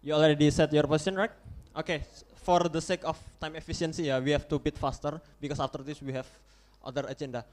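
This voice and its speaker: A young man with an Indonesian accent chairs a model UN roll-call vote in English, with a slightly raised voice. He talks in a halting way, restarting and correcting himself as he goes. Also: fairly high pitch, fairly even intonation, darkish tone. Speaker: conference chair.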